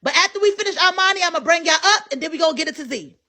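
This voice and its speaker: High, bright-voiced woman streamer, blunt. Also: very fast. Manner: blunt, animated, talks straight to viewers. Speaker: live-stream host. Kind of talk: reaction live stream commentary.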